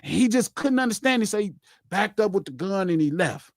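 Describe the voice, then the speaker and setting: A man hosts a casual podcast chat, telling a long personal story with lots of repetition. His voice sits high and swings widely. The sound is dry and close. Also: a little fast, vocal fry, no echo. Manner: animated, repeats himself, acts out quotes. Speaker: podcast host.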